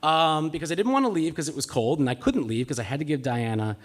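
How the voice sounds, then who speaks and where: A man's voice: on the high side, expressive, fast. A man telling a personal story live on stage, with a comic, self-mocking delivery. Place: live stage in a cultural center.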